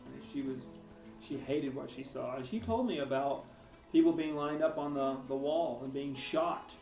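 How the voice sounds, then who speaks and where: A man's voice: mid-range voice, moderate pace, vocal fry, a little mellow. Man telling war stories, from afar. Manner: rambling, hesitant with frequent restarts. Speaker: author interviewee. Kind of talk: personal storytelling in an interview. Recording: roomy, distant mic with faint music.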